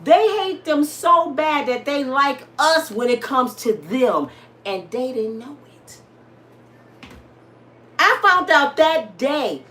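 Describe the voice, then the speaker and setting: A woman with an African American Vernacular English accent, telling a dramatic personal story to her listeners in a casual, lively way. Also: sits high, slight background noise. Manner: dramatic, addresses listeners as y'all. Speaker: storyteller host.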